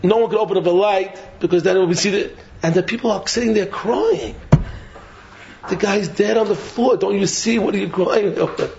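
A man giving a Torah sermon, animated and mocking, laughing through his points, throwing out rhetorical questions and repeating himself. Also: high voice, fairly quick, gravelly, a little hiss or hum. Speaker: Torah teacher. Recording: dull lo-fi recording.

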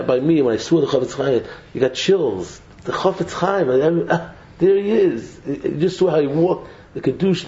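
Animated man giving a talk, echoey. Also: fairly high pitch, gravelly. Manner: animated storytelling, acting out quotes. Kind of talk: Torah lecture to students. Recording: echoey muffled room recording, faint hum.

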